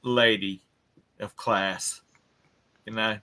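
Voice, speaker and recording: A man in a casual podcast conversation, talking in a relaxed, chuckling way. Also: lowish voice, drawn-out words. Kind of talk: casual chat.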